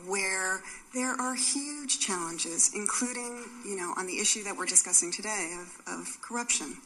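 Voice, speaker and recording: A woman ambassador speaks in formal testimony, measured and hesitant, with frequent fillers. Her tone is bright and forceful, at a middling pitch. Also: vocal fry, a little hiss or hum, low-quality recording.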